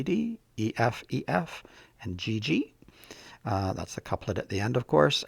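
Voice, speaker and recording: A man giving a relaxed, casual poetry lesson as a tutor, with frequent fillers and restarts, recorded on a close mic. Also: on the low side, gravelly, no echo.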